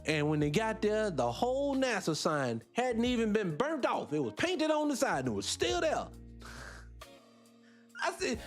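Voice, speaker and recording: Man, show host, animated, rambling, swearing, high voice, faint music behind. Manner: animated, rambling, swears freely, talks straight to listeners. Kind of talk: casual monologue to listeners.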